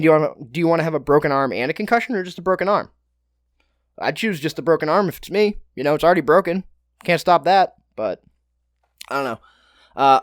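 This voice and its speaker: Young guy doing a solo fight podcast, swears a lot, jokey, slightly high voice, dry close mic. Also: dry recording. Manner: loose, profane, joking asides. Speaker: podcast host. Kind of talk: casual solo fight breakdown.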